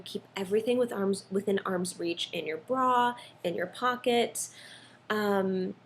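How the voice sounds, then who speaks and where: A young mom talks casually to her viewers in a mid-pitched voice, rambling through stories with plenty of ums and likes. There is a faint hiss of noise behind her. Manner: chatty, storytelling, many ums and likes. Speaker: vlogger, mom. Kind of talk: casual chat.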